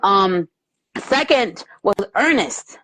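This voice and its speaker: Animated woman hosting a movie chat. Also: mid-range voice, slow, no room sound. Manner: animated, quotes lines in put-on voices, lots of laughter. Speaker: host. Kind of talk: casual movie review chat. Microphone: live video stream.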